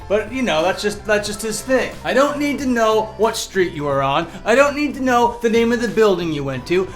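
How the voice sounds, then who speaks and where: Sarcastic high-voiced man lecturing. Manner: sarcastic, lecturing, with mocking impressions. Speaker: youtuber host. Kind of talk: mock-serious comedic commentary.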